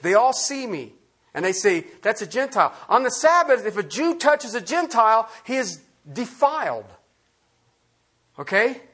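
A man's voice: sits high, sing-song, normal speed, fairly bright tone. A man preaching a sermon as pastor, emphatic and quizzing the congregation with questions.

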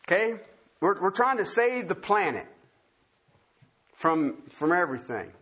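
A man's voice: high voice, sing-song, unhurried, fairly bright tone, slightly rough. A man preaching a sermon in a folksy, emphatic way, firing off rhetorical questions and repeating key words.

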